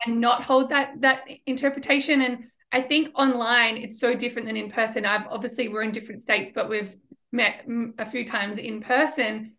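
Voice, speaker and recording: A woman hosts a podcast in a relaxed, casual way. She affirms her guest and swears casually. Her voice sits a little high. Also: moderate pace. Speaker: podcast host.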